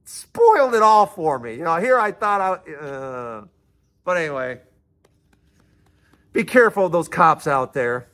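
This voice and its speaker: Bright-voiced man telling a story. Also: on the high side. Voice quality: chatty, animated storyteller. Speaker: commentator and show host. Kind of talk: casual storytelling monologue.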